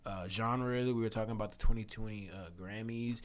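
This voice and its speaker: A man's voice: lowish voice, fairly even intonation, a little fast, clear, resonant tone. A young man hosting a loose podcast chat with friends, swearing often and laughing a lot. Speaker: podcast host. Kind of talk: casual chat.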